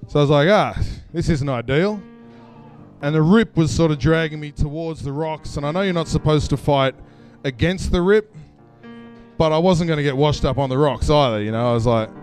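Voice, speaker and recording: Faint music sits behind this Australian man as he speaks into a stage mic at a live event, sharing a personal story with casual self-deprecation and laughing as he goes. His voice is a little high and a little mellow, with fairly even intonation and a slightly fast pace.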